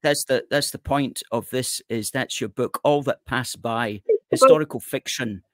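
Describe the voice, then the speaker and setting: A man's voice: mid-range voice, fairly bright tone, dry recording, clean studio sound. A middle-aged man from Scotland hosting an online show, plugging a guest's book and reading out viewer comments. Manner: reads out viewer comments, brisk wrap-ups. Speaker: host.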